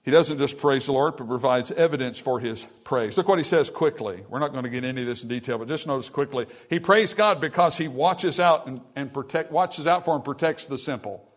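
A man's voice: medium pitch, fairly quick, few pauses. Man preaching with rising and falling force. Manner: preaching with swells of volume and soft drops; reads scripture aloud in old-style wording. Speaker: pastor. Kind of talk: sermon.

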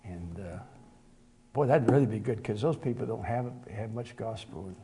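Middle-aged male preacher, folksy storyteller, mellow tone. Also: fairly low pitch, animated, normal speed, slight background noise. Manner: folksy, conversational storytelling with fillers and repeated "he said". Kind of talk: sermon with storytelling.

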